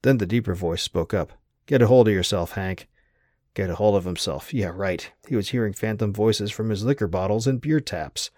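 A man narrating an audiobook in a steady, wry storytelling manner. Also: lowish voice, brisk, few pauses, no room sound, clean studio sound.

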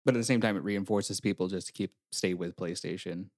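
A man's voice: deep voice, steady tone, fairly quick, darkish tone, no room sound, studio quality. A man co-hosting a casual gaming podcast, joking and teasing his co-hosts. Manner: joking, teasing, laughs often. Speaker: podcast co-host.

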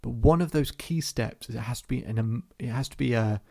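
A man with a gravelly, husky voice tells a client story at an even, measured pace. He repeats phrases as he goes, like a therapist walking a listener through a session. His delivery stays calm throughout. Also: medium pitch. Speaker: hypnotherapist and podcast host. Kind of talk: storytelling podcast monologue.

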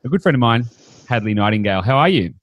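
A man hosts a podcast in a casual, upbeat way, talking with plenty of fillers and restarts. His voice sits in an ordinary middle pitch. The recording is dry and close, with no room sound. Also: expressive, fast, no room sound. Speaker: podcast host.

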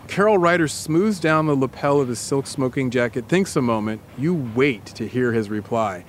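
A man's voice: mid-range voice, moderate pace, few pauses, slight background noise. A male podcast host telling a dramatic story to his co-host in the second person. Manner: dramatic, builds scenes.

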